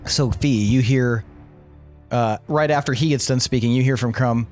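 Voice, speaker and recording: A man's voice: mid-range voice, moderate pace, faint music behind. Laid-back male game master. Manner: relaxed, laughing, loose. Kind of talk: casual tabletop game narration.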